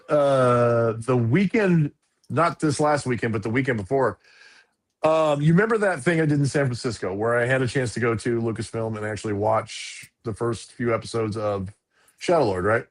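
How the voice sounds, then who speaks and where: Animated middle-aged man telling a story. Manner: animated storyteller, quick pitch jumps. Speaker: podcast co-host. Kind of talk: casual chat.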